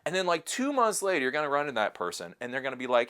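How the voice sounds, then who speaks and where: A man in his late thirties hosting a casual advice talk, speaking animatedly and mimicking other people in high put-on voices. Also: sing-song, very fast, few pauses, a bit bright. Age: 30s. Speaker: host.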